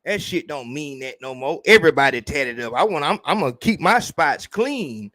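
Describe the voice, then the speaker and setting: A man hosting a podcast, ranting casually in a profane, animated way and mimicking people in mocking voices. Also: a little high, normal speed, dry recording. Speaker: podcast host. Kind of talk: casual rant.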